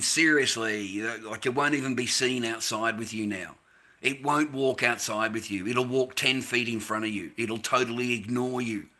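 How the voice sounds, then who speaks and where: A man's voice: mid-range voice, sharp tone. An Australian man ranting to camera in a profane, repetitive way, calling everyone "mate". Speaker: vlogger.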